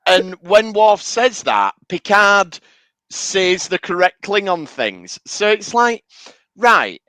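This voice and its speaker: A man co-hosting a podcast, chatting through an episode recap in a meandering, sweary way. His voice is smooth and clear, pitched a little high, and dry and close to the mic. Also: sing-song, slow pace, sharp tone, dry recording. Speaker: podcast co-host. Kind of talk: casual chat recapping an episode.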